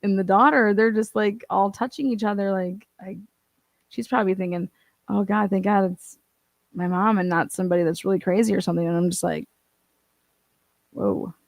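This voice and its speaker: A woman's voice: mid-range voice, steady tone, a little fast, dry recording. A woman hosting a casual livestream, chatting and reading out viewer comments, swearing and laughing often. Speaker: livestream host reading chat.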